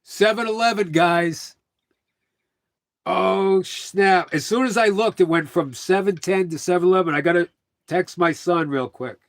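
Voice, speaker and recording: A man's voice: high-pitched, moderate pace, no room sound, clean studio sound. A middle-aged man chatting casually on a livestream, telling rambling stories full of quoted dialogue.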